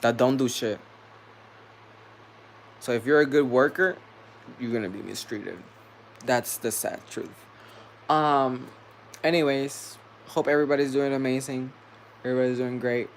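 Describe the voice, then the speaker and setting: A man's voice: mid-range voice, a little slow, long pauses, a little hiss or hum. A man venting to camera in a vlog, angry and profane, repeating himself as he rants. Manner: heated, profane, repetitive venting. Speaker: vlogger.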